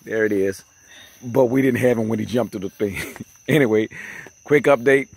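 Man excitedly retelling a camp story. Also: on the low side, moderate pace, vocal fry, husky, no echo. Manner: excited, animated retelling with frequent laughs. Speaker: vlogger. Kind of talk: casual camping vlog storytelling. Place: outdoor campsite.

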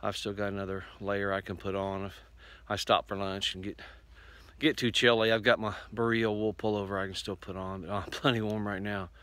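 A man's voice: on the low side, flat delivery, fairly quick, fairly bright tone, rough recording. A man with an Indiana accent talking casually to his phone camera outdoors in the winter woods. He rambles in an easygoing, folksy way and is a little out of breath from hiking uphill. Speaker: bushcraft vlogger. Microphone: phone held in hand.

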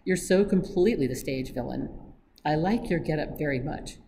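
A woman reads a cheeky young Englishman who mocks every threat with light, teasing ease. The voice sits low for a woman. A clear hiss of noise runs under the recording. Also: lively intonation, moderate pace, mellow, rough recording. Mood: mocking. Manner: flippant, teasing. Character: breezy, mocking young Englishman adventurer.

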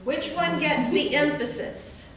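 A woman's voice: high-pitched, slow pace, recorded from a distance, crowd noise. Patient woman teacher in an echoey classroom. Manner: patient, repeats words and checks in with "okay?". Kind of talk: classroom lecture.

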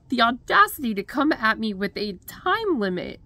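A woman's voice: fairly high pitch, big pitch swings, takes it slowly, long pauses, sharp tone. A woman in a storytime vlog, chatty and exasperated, with lots of "like" and "um". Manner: many fillers like "like" and "um". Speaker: crafting vlogger.

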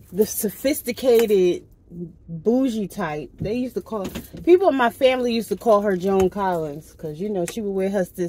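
A woman vlogger chatting casually to her viewers, telling a story in an animated way and often asking "right?". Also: mid-range voice, a little hiss or hum.

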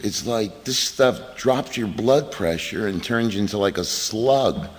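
A middle-aged man speaks at a recovery meeting in a low voice that swings lively up and down. He tells his story animatedly, acting out what others said. The recording rings with a long hall reverb over a faint hiss. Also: measured pace. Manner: animated storytelling with acted-out quotes and laughs. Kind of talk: personal recovery talk at a meeting.

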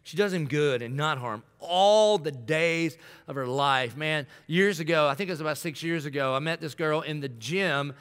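A male pastor preaches with a bright, forceful voice sitting a little high for a man. He is humorous and keeps slipping into quick acted-out exchanges. The long reverb of a large church hall trails behind every line. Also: smooth. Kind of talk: sermon.

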